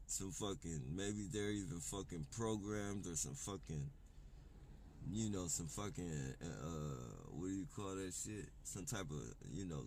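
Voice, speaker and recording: A male vlogger with a very low, dark voice delivers a heated, profanity-filled rant straight to camera, unscripted. He rambles, stumbling over his words and repeatedly restarting sentences, over a faint hiss of noise.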